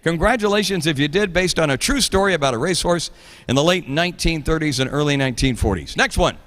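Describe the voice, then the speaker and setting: A man's voice: fairly high pitch, quick pace, fairly bright tone, big-room sound. A man in his fifties hosting a live trivia show in a playful, jokey, rambling way. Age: 50s.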